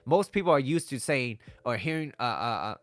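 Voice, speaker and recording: A man's voice: medium pitch, lively intonation, normal speed, no room sound. A man giving blunt relationship advice in a casual talk to camera, swearing freely and checking in with "right?" again and again. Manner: blunt and conversational, swears, keeps asking "right?". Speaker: dating and relationship advice vlogger.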